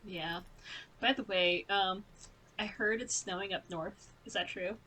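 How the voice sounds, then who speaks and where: A woman's voice: mid-range voice, steady tone, a little slow, pushed and bright, low-quality recording. Chatty young woman hosting a podcast. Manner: chatty, many fillers, frequent laughs. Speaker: podcast host. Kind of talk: casual chat among friends.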